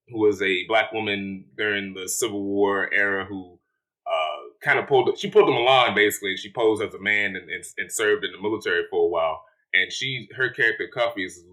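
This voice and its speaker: Man, casual movie review, lowish voice, bright forward tone, rambling, lots of ums. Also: poor audio. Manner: rambling, lots of fillers and restarts.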